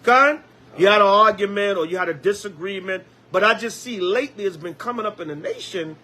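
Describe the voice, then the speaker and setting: A man preaching a Bible lesson as an elder, lively, with call-and-response and acted-out quotes. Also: high voice, fairly quick.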